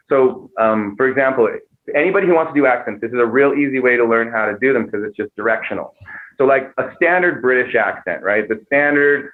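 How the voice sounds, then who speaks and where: Animated man explaining voices on a tinny line. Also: medium pitch. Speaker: comedian and impressionist guest. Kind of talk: casual podcast chat. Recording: tinny narrow-band sound.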